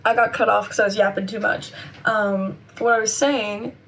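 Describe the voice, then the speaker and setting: A woman's voice: medium pitch, fairly even intonation, normal speed, a bit bright, distant mic. A woman in her twenties, chatty and upbeat, rambling to camera in a casual vlog, her voice a little worn. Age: 20s. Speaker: vlogger and convention seller.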